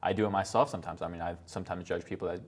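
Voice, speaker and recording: Young male student, deep voice, quick, filler-heavy casual talk. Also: fairly even intonation. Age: young adult. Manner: filler-heavy, many "I mean"s. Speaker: student panelist. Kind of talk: casual panel discussion.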